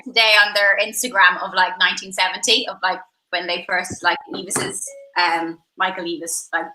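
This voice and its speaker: A woman's voice: on the low side, flat delivery, normal speed, bright, forceful tone, echoey room, slight background noise, low-quality recording. A woman competing in a quiz over a video call, chatting casually with plenty of "like". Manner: chatty, lots of "like". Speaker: quiz contestant.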